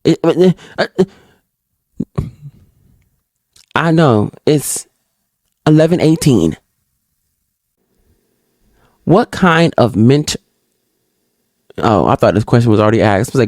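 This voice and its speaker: A woman hosting a solo podcast, reading out reflection questions and answering them in an animated, outspoken way, talking straight to her listeners and acting out little exchanges. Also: slow, pauses often, dry recording. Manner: acts out little dialogues in higher voices. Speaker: podcast host.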